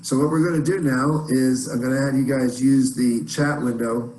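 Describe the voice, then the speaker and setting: A man's voice: medium pitch, fairly even intonation, normal speed, a little mellow. A man teaching chant in an online lesson, explaining in plain words between short sung phrases. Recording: roomy echo, faint noise.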